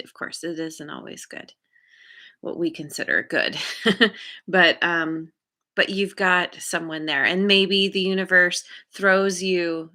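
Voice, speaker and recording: A woman giving an intuitive tarot reading to her viewers, gentle and encouraging, often pausing to search for words. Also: lowish voice. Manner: encouraging, spiritual. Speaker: tarot card reader.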